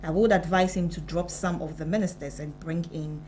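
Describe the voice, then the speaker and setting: A Ghanaian woman with a somewhat low voice reads news stories on a morning show. Her delivery is steady and measured. A faint hum runs behind the studio recording. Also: low-quality recording. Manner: steady news-reading delivery with brief backchannels. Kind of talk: news reading and studio chat. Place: broadcast studio.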